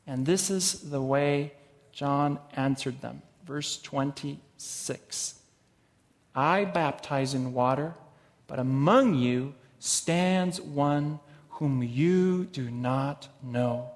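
A man preaching a sermon and reading scripture, slow and emphatic, with sudden rises in loudness. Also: medium pitch. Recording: long hall reverb.

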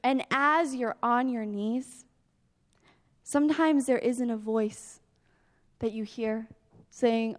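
A woman preaching a sermon, earnest, her voice climbing into pleading prayers and sinking soft and low. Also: steady tone, slow, long pauses, in a large hall.

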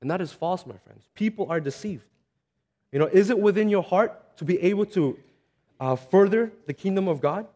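Man, preacher, slightly high voice, conversational sermon, earnest, storytelling. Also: animated, normal speed, warm tone.

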